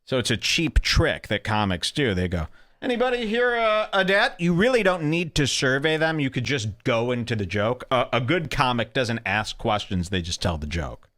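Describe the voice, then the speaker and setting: A man's voice: medium pitch, moderate pace, hardly any pauses. A man hosting a talk show, picking apart a comedy clip with sarcastic commentary and mocking impressions. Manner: sarcastic, animated, mimics others. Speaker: podcast host.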